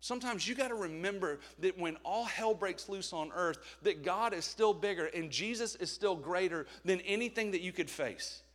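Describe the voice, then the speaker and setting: A man's voice: sits high, moderate pace, hardly any pauses, fairly bright tone. A middle-aged man preaching a candid, conversational sermon with jokes along the way. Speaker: pastor.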